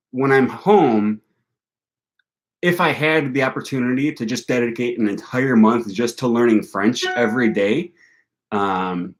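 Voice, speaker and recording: A young man from Wisconsin, talking casually in a vlog, rambling with lots of fillers and restarts. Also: medium pitch. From Wisconsin, United States. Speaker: language vlogger.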